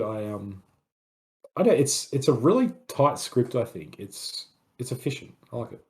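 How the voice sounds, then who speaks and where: Here a podcast co-host talks about films in a relaxed review chat, his mid-range voice darkish and a bit sing-song at an ordinary pace. He gets excited, wanders off on tangents, and leans heavily on "like."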